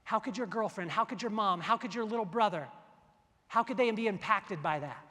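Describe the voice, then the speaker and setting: A man giving a motivational keynote speech, telling stories in an animated way and acting out the dialogue. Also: high-pitched, fairly quick, in a large hall. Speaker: keynote speaker. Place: large event hall.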